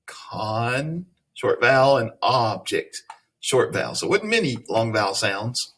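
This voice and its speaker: A man's voice: mid-range voice, animated, a bit bright, a little hiss or hum. A man teaching an online reading lesson, patiently sounding out words and repeating the patterns. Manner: patient, repeats patterns slowly, thinks aloud.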